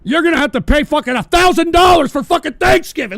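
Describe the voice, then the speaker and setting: A man hosting a livestream, delivering a profane, sarcastic political rant that often breaks into shouting. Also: very high voice, animated, moderate pace, creaky, no echo. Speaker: livestream host.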